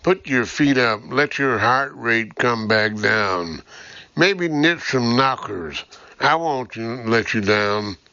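A man voicing a jovial, teasing tough older man with a gruff manner, in a dull lo-fi recording. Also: mid-range voice, animated, slow, pushed and bright, no echo, heavily acted.

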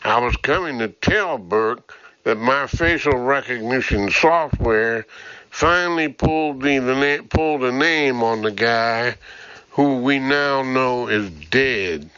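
A man's voice: mid-range voice, animated, takes it slowly, sharp tone, clear, resonant tone, no room sound. A man voicing a cheerful, chatty young tech-savvy man, in a dull lo-fi recording. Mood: eager. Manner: grinning, eager, chatty.

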